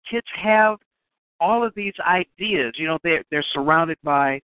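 Halting male host on a phone line. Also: on the high side, smooth, no echo. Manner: halting, repeats words while framing questions. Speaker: radio show host. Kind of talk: casual radio interview. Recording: tinny phone line, dry.

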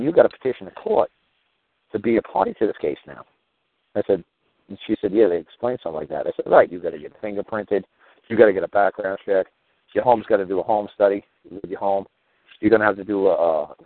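A man with a low voice tells a long, rambling story on his podcast, swearing freely and acting out the people in it. The sound is thin and tinny, like a phone line, and completely dry with no room around it. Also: dry recording. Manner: rambling, profane, heated storytelling with quoted dialogue. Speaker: podcast host. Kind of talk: casual monologue.

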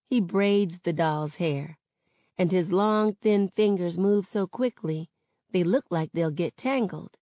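A woman reading a novel aloud in steady first-person narration, on a dull lo-fi recording. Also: fairly low pitch, takes it slowly, dry recording. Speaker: reader.

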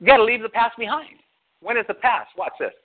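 A man's voice: very high voice, expressive, quick pace. A male pastor preaching a sermon, talking to his congregation with lots of rhetorical questions. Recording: phone-like narrow sound.

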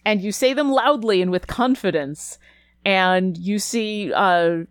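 Woman GM, mid-pitched, narrates scenes and prompts players, dry close sound. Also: takes it slowly, no echo. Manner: descriptive, asks players what they do. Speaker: game master. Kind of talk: narrating a tabletop game.

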